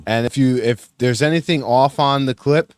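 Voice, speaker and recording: A man co-hosting a podcast and running a guessing game, halting with fillers and laughing often. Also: mid-range voice. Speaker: podcast co-host running a quiz. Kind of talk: casual chat.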